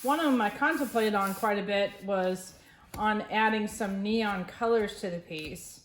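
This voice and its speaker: A woman's voice: medium pitch, measured pace, slight background noise. A woman resin artist talking casually through a craft project, rambling and correcting herself as she thinks aloud.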